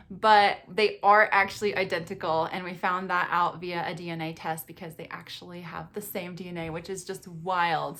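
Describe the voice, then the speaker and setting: Chatty, expressive young woman vlogger. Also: medium pitch. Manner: chatty and expressive, laughing often. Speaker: vlogger and mother of twins. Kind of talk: casual vlog storytelling.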